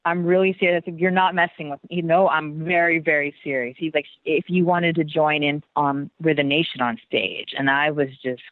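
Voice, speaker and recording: A woman dancer telling a story in an interview, animated, acting out the voices she quotes and laughing often. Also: sits low, fairly quick, hardly any pauses, no room sound. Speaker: guest dancer. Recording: tinny phone-like line, dry.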